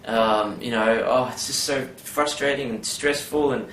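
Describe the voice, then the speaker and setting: A man's voice: medium pitch, a little slow, fairly bright tone, far from the mic, a little hiss or hum, lightly acted. A man doing a whiny self-pitying guy, roomy. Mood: whining. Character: whiny self-pitying man complaining about job loss. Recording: roomy with faint background ambience.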